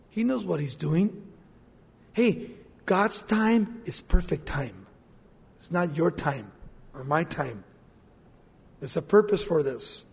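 A man preaching a sermon, animated, acting out scripture scenes in quoted voices. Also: sits high, creaky, slightly rough. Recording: long hall reverb.

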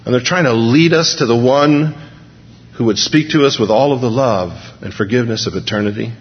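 A male preacher giving a sermon, dramatic, swinging between hushed and emphatic delivery. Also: mid-range voice, a little fast. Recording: dull recording, long hall reverb.

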